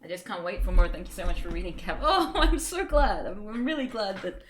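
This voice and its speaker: A woman's voice: mid-range voice, very animated, brisk, slight background noise. A woman streamer chatting casually and self-mockingly between readings on a livestream.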